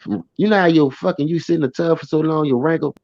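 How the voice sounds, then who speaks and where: A man telling a personal story in a blunt, profane, animated way. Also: fairly high pitch, quick pace, no echo. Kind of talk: casual first-person storytelling. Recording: dry, slightly dull recording.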